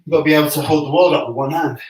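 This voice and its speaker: A man's voice: on the high side, rapid-fire, a little mellow, far from the mic. A man leading a home workout class, chatty and joking, out of breath between sets. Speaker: fitness coach. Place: room at home. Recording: echoey room, voice from off-mic.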